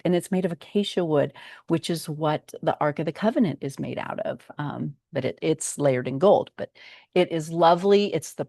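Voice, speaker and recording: A woman's voice: deep voice, lively intonation, fairly quick, vocal fry, darkish tone, dry recording, studio quality. An older woman giving a casual personal update as a vlog host, chatty and meandering, with frequent ums.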